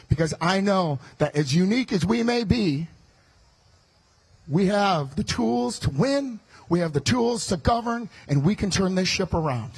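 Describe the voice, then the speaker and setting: The audio is low quality as a man from around Chicago, a running mate, fires up a state fair rally from the stage. Into a stage microphone, his slightly high, husky voice goes fast and loud, shouting out each punchline.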